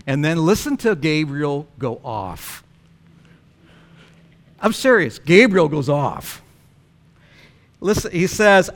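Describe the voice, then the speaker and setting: A male pastor delivering a sermon in an animated, storytelling manner, with frequent chuckles. His speaking voice sits somewhat high for a man. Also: takes it slowly, pauses often.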